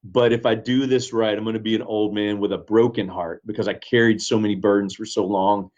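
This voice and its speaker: A man's voice: on the low side, fairly even intonation, brisk, darkish tone. Man in casual talk, earnest, keeps restarting, kinda lo-fi sound. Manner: earnest, reflective, with frequent restarts. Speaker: pastor, guest. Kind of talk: casual conversation, storytelling.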